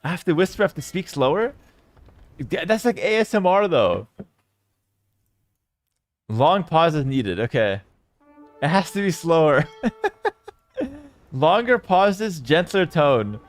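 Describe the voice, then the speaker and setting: A man streaming live esports commentary on a strategy match, reading out chat and swinging between loud hype and low, calm play calls. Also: takes it slowly, long pauses, dry recording, soft background music.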